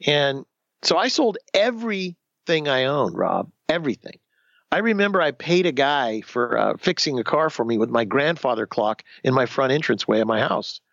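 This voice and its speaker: A man in his fifties telling his own story in a candid interview, animated, acting out the voices of the people he quotes, often restarting sentences. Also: medium pitch, normal speed, creaky, no echo, lo-fi sound. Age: 50s.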